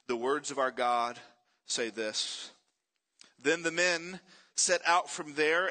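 A man preaching a sermon, telling stories with energy and asking the congregation questions. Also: on the high side. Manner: animated storytelling, asks the congregation questions. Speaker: pastor.

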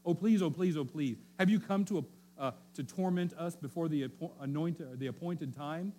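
Guy doing begging demons, whiny, pitched up and loud, groveling hard. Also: moderate pace, slight background noise, natural voice. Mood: pleading. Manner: begging, whining. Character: pleading, groveling male demons.

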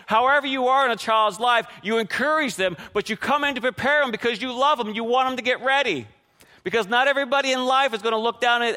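High, bright-voiced preacher in a reverberant hall. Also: male voice. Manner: animated, engages the congregation with frequent "right?". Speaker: pastor. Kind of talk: sermon.

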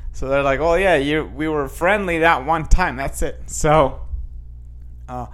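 A man with a slightly high voice talks straight to his viewers in a loose, rambling chat. He trips over his words, restarts often and wanders between asides while reading headlines aloud. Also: unhurried, fairly bright tone. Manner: rambling with many restarts and fillers. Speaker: vlogger.

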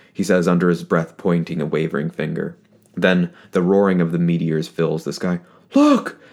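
A man reading scripted fiction narration in a steady, measured way. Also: sits low.

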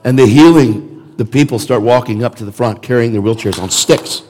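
A man's voice: medium pitch, normal speed, darkish tone, slight background noise. A man preaching a sermon in an emphatic, conversational way, repeating words for emphasis. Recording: long reverb of a large hall.

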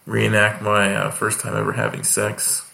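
Guy from hawaii, comic on a podcast, gravelly bright voice, echoey room, acts out every story. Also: on the low side, completely flat delivery, moderate pace. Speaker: guest comedian. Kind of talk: casual podcast chat.

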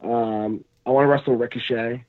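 A man, a pro wrestler, chatting casually on a podcast in a rambling, halting way full of fillers. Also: medium pitch, fairly even intonation. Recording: dry, phone-like lo-fi sound.

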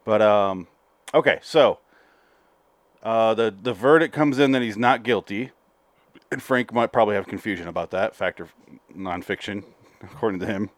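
A man's voice: lowish voice, normal speed, long pauses, dry recording. A man co-hosting a casual comedy podcast, rambling and swearing as he retells a story. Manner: rambling, profane, retells scenes in put-on voices. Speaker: podcast co-host.

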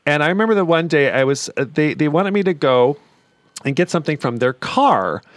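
A man's voice: a little high, lively intonation, a little fast, no echo. A man co-hosting a podcast, a playful, chatty storyteller in casual talk. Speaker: podcast co-host. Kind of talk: casual chat, anecdote telling.

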